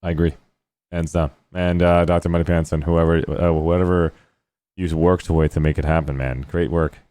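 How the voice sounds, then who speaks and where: A man's voice: low voice, little pitch movement, moderate pace, dark tone, smooth, no room sound. A man hosting a post-match debrief over voice chat, effusive and full of praise. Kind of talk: casual voice chat.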